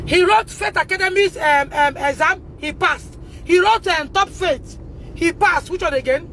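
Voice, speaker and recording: A Nigerian mother records herself on her phone in a car, her voice very high and sharp. She pleads, repeats her words and rises to shouts in distress. A faint hum of traffic sits behind her. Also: moderate pace, creaky. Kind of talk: emotional self-recorded video.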